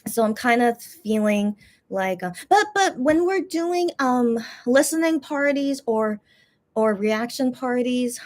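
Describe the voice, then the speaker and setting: A woman's voice: fairly high pitch, expressive, slow pace. Woman vlogger, casual rambling chat, lots of fillers, frustrated, complaining tone. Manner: rambling, many fillers and restarts. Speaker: YouTube channel host.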